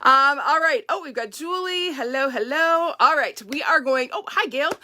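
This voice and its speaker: Lady doing a live craft demo at home, fairly high bright voice, upbeat and chatty. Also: animated, normal speed, slight background noise. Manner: chatty, upbeat, greets viewers by name. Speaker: stamping craft demonstrator, host.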